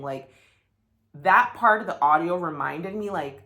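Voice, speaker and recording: A woman with a low-pitched voice talks candidly to her viewers in a vlog, blunt and unafraid to swear. She is heartfelt and a little emotional, with plenty of "like" and "right?" as she works through her thoughts. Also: normal speed, creaky, sharp tone. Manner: blunt and profane, heartfelt, many fillers. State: getting emotional. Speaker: vlogger. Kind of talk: candid talking-head vlog.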